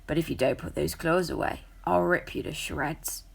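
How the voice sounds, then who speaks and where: A woman voicing a tough, gruff female street cat with a gravelly voice, suspicious and snappish, for a storybook reading. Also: deep voice, steady tone, moderate pace, exaggerated voice. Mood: hostile.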